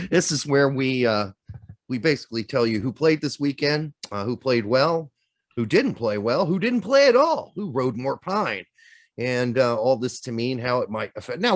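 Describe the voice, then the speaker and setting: A man's voice: medium pitch, dry recording, studio quality. A man co-hosting a podcast in casual chat, joking around and swearing freely. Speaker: podcast co-host.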